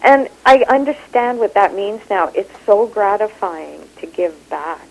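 A Kenyan-born woman with a Canadian accent, an actor and improv teacher talking in an animated, expressive way in an interview. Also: mid-range voice, measured pace, rough recording. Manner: animated, expressive, laughs easily. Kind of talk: interview conversation.

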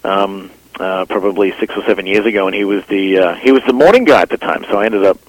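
A man's voice: sits low, quick pace, no room sound, poor audio. A man from Australia in his thirties with a mixed Australian and Canadian accent, a radio broadcaster chatting as a guest in a studio, rambling and full of fillers. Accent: Australian with some Canadian. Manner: rambling, restarts phrases, many fillers. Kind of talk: casual interview chat.

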